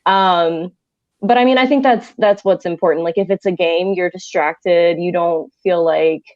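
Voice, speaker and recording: A woman coach in her twenties chats casually, full of "like" and "you know". Her voice is lowish and sounds dry, with a dull, lo-fi tone. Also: a little slow, no room sound. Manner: chatty, filler-heavy. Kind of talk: casual chat.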